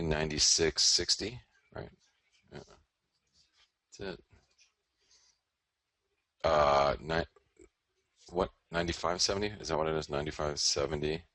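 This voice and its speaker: Man, show host, forceful delivery, dry close sound; casual market talk, thinks aloud and backtracks. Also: extremely low pitch, vocal fry, no echo. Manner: rambling, self-correcting, talks to himself. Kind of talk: casual live market commentary.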